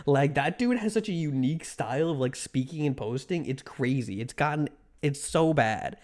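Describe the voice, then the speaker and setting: Rambling streamer with a lively, swooping voice. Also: medium pitch, normal speed. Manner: rambling, many restarts and repeated "like". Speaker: livestreamer. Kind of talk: casual livestream chat, answering viewers.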